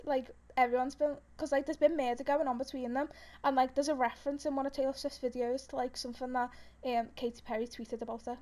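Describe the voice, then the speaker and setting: A young woman with a high voice chats on a podcast. She rambles through gossip with plenty of "um" and "like", and she giggles often. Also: steady tone, quick pace, darkish tone. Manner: rambling, giggly storytelling with many fillers. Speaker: podcast co-host. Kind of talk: casual chat.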